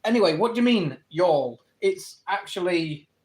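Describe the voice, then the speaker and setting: This animated, high-voiced Englishman spars with his stream's chat, quoting viewer comments aloud and rebutting them in rapid succession as he argues his points.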